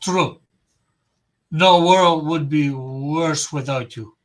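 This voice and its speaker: A man's voice: fairly high pitch, extremely slow. A man reading as an earnest, kindly superhero. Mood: reassuring. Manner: earnest, reassuring. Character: calm, kindly male superhero.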